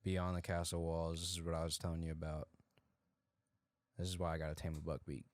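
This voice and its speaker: A man co-hosting a podcast, chatting casually and excitedly about a video game. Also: low voice, a little fast, no room sound. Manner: excited, rambling gamer talk. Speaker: podcast co-host. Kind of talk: casual chat.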